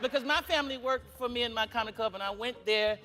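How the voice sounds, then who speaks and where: A man telling comic stories in an animated way, jumping into high squealing voices for the people in them. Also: fast talker. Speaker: comedian and actor. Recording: music playing under the voice.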